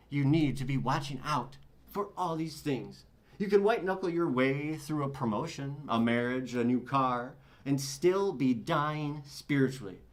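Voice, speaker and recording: A man hosting his own show, giving a solo talk on recovery and sobriety, preachy and emphatic, swearing and calling his listeners "my friends". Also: fairly high pitch. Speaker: host.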